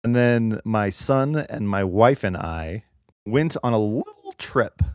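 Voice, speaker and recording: A man's voice: fairly low pitch, lively intonation, slow, a little mellow, dry recording, studio quality. A man in his thirties co-hosting a podcast, chatting in a playful, jokey way. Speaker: podcast co-host. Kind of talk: casual chat.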